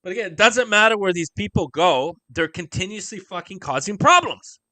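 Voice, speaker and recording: A man's voice: sits high, lively intonation, fairly quick, sharp tone, no echo. A man hosting a livestream, commenting on video clips in an emphatic, profane rant full of rhetorical questions. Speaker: livestream host. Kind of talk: live-stream commentary over video clips.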